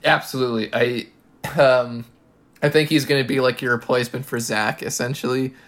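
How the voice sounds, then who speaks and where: A man co-hosting a podcast, chatting casually and jokingly about a video game. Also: mid-range voice. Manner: excited, joking, quick asides. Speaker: podcast co-host. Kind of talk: casual gaming chat.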